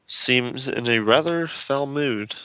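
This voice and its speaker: A man narrating a tabletop game, describing scenes and quizzing his players in an easy, relaxed way. His voice is bright at a middle pitch. The sound is dry and close to the mic. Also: slow pace, clean tone, no echo. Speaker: game master.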